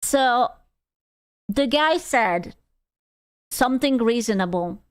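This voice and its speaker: A woman's voice: a little high, expressive, slow pace, smooth. A young woman streaming, giving blunt, sarcastic and profane reaction commentary on a clip.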